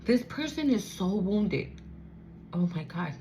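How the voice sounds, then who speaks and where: A woman's voice: mid-range voice, very animated, slow pace, mellow, slight background noise. A woman giving a casual spiritual card reading, blunt, profane and streetwise, turning emotional as she reads. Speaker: tarot reader.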